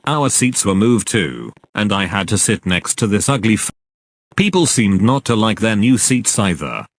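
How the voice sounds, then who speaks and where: A man's voice: fairly low pitch, sing-song, moderate pace, dry recording. A man narrating a storytime, ranting angrily with constant swearing. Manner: angry, profane ranting.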